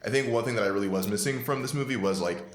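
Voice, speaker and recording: Low-voiced man, quick and roomy. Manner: quiet, hurried and apologetic. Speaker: podcast co-host. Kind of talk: casual chat. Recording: roomy, distant-sounding mic.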